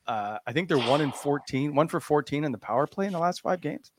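A man's voice: on the high side, animated, a little fast, background noise. A man hosting a hockey podcast in casual chat, earnest and hesitant, often stopping to correct himself. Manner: hesitant, lots of uh and restarts, earnest. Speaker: podcast host.

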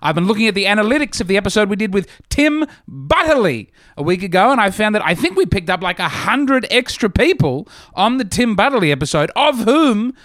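A man hosting a podcast, talking through a casual comedic monologue in an animated, self-mocking way. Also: high voice, a little fast, few pauses, dry recording, clean studio sound.

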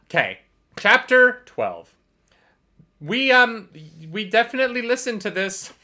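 A woman's voice: fairly high pitch, sing-song, unhurried, sharp tone. A woman co-hosting a casual book club podcast, chatty and swearing freely, with lots of fillers. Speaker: podcast co-host.

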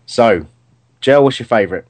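A man's voice: mid-range voice, expressive, moderate pace, no room sound. A man hosting a casual radio show, rambling through a football match review with many fillers and restarts.

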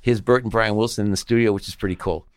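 A middle-aged man talks in a lowish voice, spinning casual anecdotes about his work as a musician and producer. He slips into the voices of the people he quotes. The sound is close and dry. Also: fairly even intonation, quick pace, smooth, no room sound. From Long Island, New York. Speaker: guest, session musician and producer. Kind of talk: casual storytelling interview.

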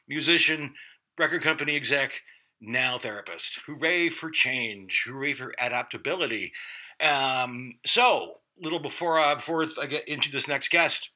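Man, middle-aged, podcast host, jokey, swears a lot, laughs often, lively pitch. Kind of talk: casual podcast monologue and interview.

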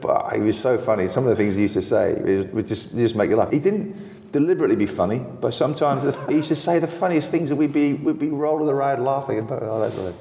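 An older man with a lively, anecdotal storytelling manner, recounting old football tales as an interview guest and laughing often. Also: mid-range voice, fast talker, gravelly, hardly any pauses, reverberant, long reverb tail.

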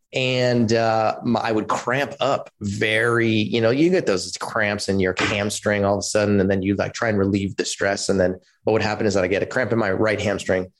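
A man in his forties from California, telling his personal story as a podcast guest in an animated way, acting out quotes and using lots of fillers. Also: on the low side. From California, USA. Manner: animated storyteller who acts out quotes, many "like" and "you know" fillers.

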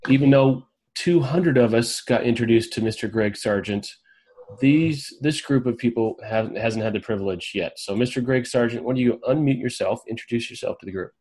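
A man hosting a group video call, upbeat and energetic, calling on members by name. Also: medium pitch. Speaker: host of an online roundtable.

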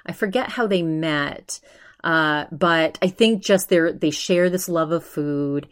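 A woman hosting her own podcast, chatting casually and retelling what others said with lively quoting. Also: low voice, takes it slowly. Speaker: podcast host. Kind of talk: casual solo podcast chat.

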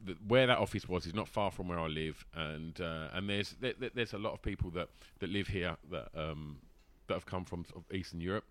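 A man's voice: low voice, brisk, hardly any pauses, dry recording. A man telling a long casual story, rambling with fillers and restarts and laughing as he goes. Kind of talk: casual anecdote.

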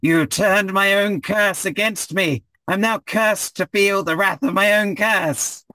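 A man's voice: sits high, slow, bright, forceful tone, dry recording, pitched above the performer's own voice, heavily acted. A man doing a bitter cursed villain.

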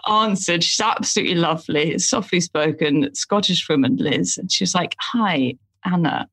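Lower-pitched woman telling a story. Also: normal speed, husky. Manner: animated storyteller, self-deprecating. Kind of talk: casual anecdote.

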